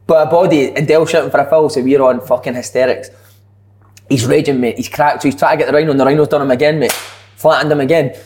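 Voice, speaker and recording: A man's voice: mid-range voice, steady tone, fast talker, darkish tone. A man with a Scottish accent hosting a casual podcast chat among friends, telling stories and swearing freely. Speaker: podcast host.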